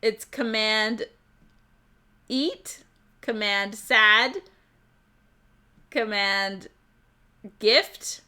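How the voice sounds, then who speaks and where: A woman's voice: medium pitch, extremely slow, pauses often, pushed and bright, clear, resonant tone. A woman hosting a live stream, chatting casually with viewers, giggling often and stumbling over words. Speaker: livestream host.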